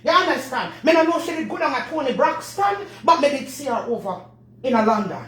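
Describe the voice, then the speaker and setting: A woman's voice: high voice, very animated, a little fast. Woman doing bossy patois-talking Master Baker. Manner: bossy, dramatic, fussing over a baby. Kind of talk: comedy sketch character. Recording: echoey room with faint noise.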